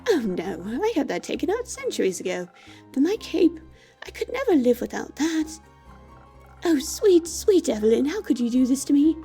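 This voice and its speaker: A woman's voice: high-pitched, sing-song, moderate pace, gravelly, dark tone, faint music behind, exaggerated voice. A woman voicing a vain, fussy male vampire who speaks theatrically and melodramatically, reading a game aloud. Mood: dramatic. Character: vain dramatic male vampire, fussy about his cape.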